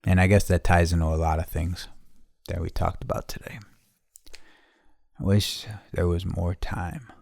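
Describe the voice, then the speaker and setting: A man hosting a casual podcast chat, swearing freely and swinging between quiet reflection and loud ranting. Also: deep voice, fairly even intonation, measured pace, creaky, long pauses, no room sound, clean studio sound. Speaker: podcast host.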